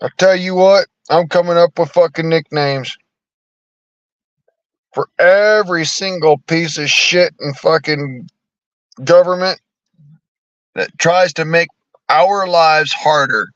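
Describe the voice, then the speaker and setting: A man's voice: on the high side, takes it slowly, pauses often, a bit bright, dry recording, lo-fi sound. A man in his thirties ranting angrily about politics, profane, heated and sarcastic. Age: 30s. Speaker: streamer. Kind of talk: angry political rant.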